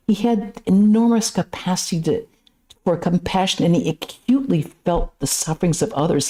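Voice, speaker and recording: A woman, a nun, giving a conversational spiritual lecture at a temple, telling stories with casual asides. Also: lowish voice. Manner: lively storytelling with casual asides.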